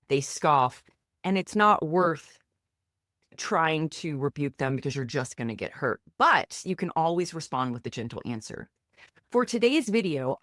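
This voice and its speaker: A woman gives a faith-based lesson to camera, speaking as a therapist and coach. Her pitch moves a lot, rising and dipping as she stresses points, and she talks in a direct, encouraging, plain-spoken way. The sound is close and dry, with hardly any room around it. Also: no echo.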